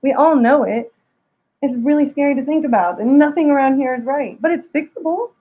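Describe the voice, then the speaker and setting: A woman's voice: high-pitched, a little fast. A woman guest in a casual spiritual talk, rambling with many stammered restarts. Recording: dull lo-fi sound.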